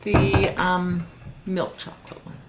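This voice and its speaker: A woman's voice: fairly low pitch, level tone, takes it slowly, heavy background noise. A woman tasting treats in a home kitchen, answering in short, agreeable replies. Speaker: guest taste tester. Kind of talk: casual chat.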